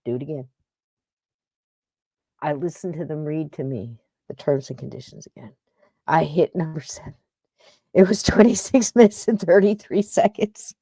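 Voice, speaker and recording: A woman's voice: low-pitched, moderate pace, long pauses, mellow, husky, no room sound. A woman podcast host telling a funny story in casual chat, acting out both sides of a phone call with jokes.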